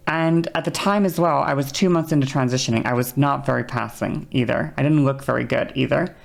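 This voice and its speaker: A young woman talks openly on her livestream, circling back over the same points as she reflects. Her voice sits low and carries a gravelly fry. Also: brisk, few pauses. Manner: candid, reflective, repeats herself. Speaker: streamer. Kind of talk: casual livestream chat.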